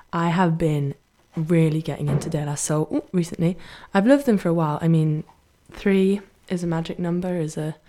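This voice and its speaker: A young adult woman from Brighton, England, speaks with a Brighton English accent at a fairly low pitch. She's a student radio DJ chatting casually between songs, laughing often and poking fun at herself.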